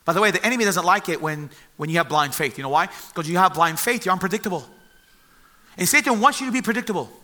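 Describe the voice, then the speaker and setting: A man preaching a sermon, retelling a Bible story with animated storytelling and acting out the voices of its figures. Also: sits high, fast talker.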